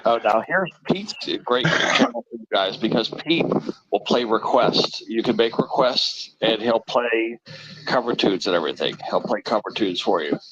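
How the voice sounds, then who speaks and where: A man's voice: fairly low pitch, expressive, moderate pace, highs cut off, background noise. Easygoing man teasing friends on a stream. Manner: teasing, easygoing, repeats himself. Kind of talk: casual chat.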